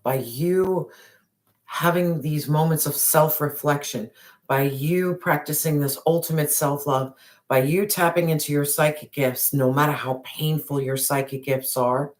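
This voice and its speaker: A tarot reader talks straight to the viewer in a spiritual reading. The delivery is emphatic, with lines often repeated for weight. The talk is loose and casual, with slang and the occasional swear word. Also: medium pitch. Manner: emphatic and repetitive, speaking directly to the viewer.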